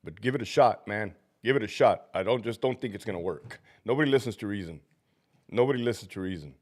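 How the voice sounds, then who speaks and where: A man's voice: lowish voice, fast, a little mellow. A man hosting a casual livestream while sick and feverish, swearing constantly and breaking into laughter between rants. He is a former prison officer who greets viewers by name, then swings into profane tirades at his critics. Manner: profane, ranting, laughing often.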